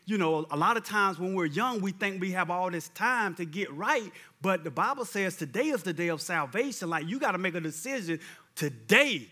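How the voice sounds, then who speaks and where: A man's voice: sits high, animated, moderate pace, bright, forceful tone. A man preaching a sermon, telling a story conversationally with many repetitions and urging his listeners fervently. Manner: fervent exhortation in the closing.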